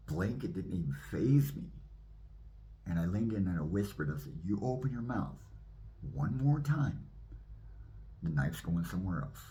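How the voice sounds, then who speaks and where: A man, a minister, telling his personal testimony in an animated way and acting out the scenes. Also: deep voice.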